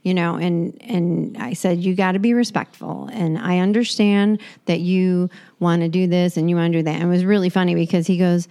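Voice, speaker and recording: A woman's voice: fairly low pitch, steady tone, fairly quick, hardly any pauses, mellow, smooth. A woman in her forties co-hosting a casual chat show, telling rambling stories full of restarts. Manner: rambling storyteller with frequent restarts. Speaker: podcast co-host.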